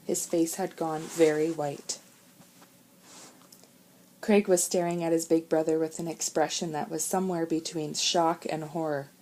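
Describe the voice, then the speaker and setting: Calm woman reading a storybook, mellow tone. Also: deep voice, measured pace, slight background noise, rough recording. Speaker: audiobook narrator. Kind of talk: storybook narration.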